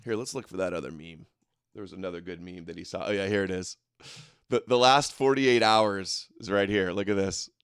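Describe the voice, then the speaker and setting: A man's voice: deep voice, fairly quick, smooth, no echo, studio quality. A man hosting a live political commentary show, talking in a combative, mocking way and arguing with viewers in the chat. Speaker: host.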